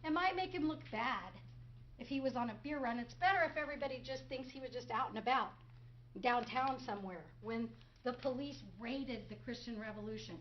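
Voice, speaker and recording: Sarcastic high-voiced woman prosecutor. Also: fairly quick, dull audio, slight background noise. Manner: sarcastic, mimics others in quotes, asks rhetorical questions. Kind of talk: courtroom closing argument. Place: courtroom.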